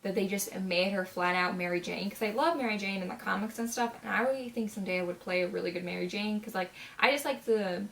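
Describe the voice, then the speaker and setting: A nineteen-year-old woman reviewing a movie in a casual vlog, gushing and chatty, her sentences full of filler words, now and then jumping into loud, high exclamations. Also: fast talker, vocal fry, hardly any pauses. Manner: chatty, gushing, full of "like" and "you know what I mean".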